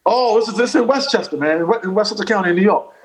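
A man telling a long comic story in casual chat, animated and profane, repeating phrases as he goes. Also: high voice, rapid-fire, background noise. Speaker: comedian guest.

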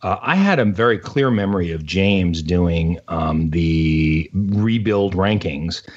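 A man's voice: low-pitched, slow. A man chatting as a podcast guest, rambling and self-deprecating as he tells stories. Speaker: guest analyst. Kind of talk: casual podcast chat. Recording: dull lo-fi audio.

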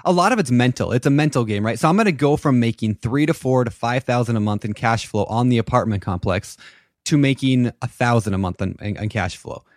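A man's voice: mid-range voice, a little fast, dry recording. Dry-sounding man hosting a podcast. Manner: animated, repeats words when starting. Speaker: podcast host. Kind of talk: casual podcast interview.

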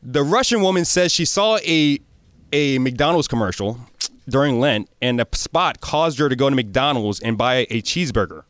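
A man's voice: medium pitch, animated, normal speed, a bit bright, clean tone, dry recording. Lighthearted male radio host. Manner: lighthearted, stumbles and laughs while setting up topics. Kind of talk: casual sports-radio banter.

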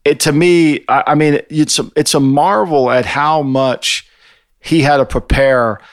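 A man's voice: on the high side, a little slow, no echo, studio quality. An older man on a podcast, chatting casually in a rambling, profane way with many restarts. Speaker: podcast co-host. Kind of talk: casual chat.

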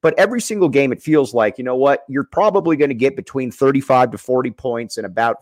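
A man's voice: mid-range voice, quick pace, a little mellow, no echo, clean studio sound. A man hosting a sports podcast, talking enthusiastically and rambling a little as he sets up his questions. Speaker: podcast host.

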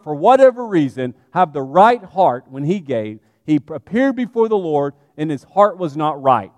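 A man preaching a sermon, animated and conversational, speaking straight to his congregation. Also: sits high, no room sound, studio quality, big-room sound.

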